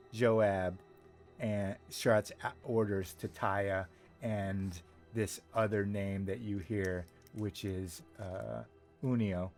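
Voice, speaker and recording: A man's voice: on the low side, darkish tone. A man narrating a tabletop role-playing game as game master, in a rambling style full of fillers. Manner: rambling, filler-heavy description.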